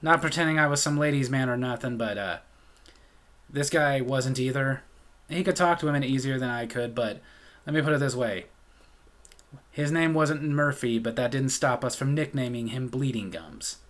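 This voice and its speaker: A man's voice: medium pitch, normal speed, a bit bright. An American man telling a comedic story from his life in a sardonic, exasperated way. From United States.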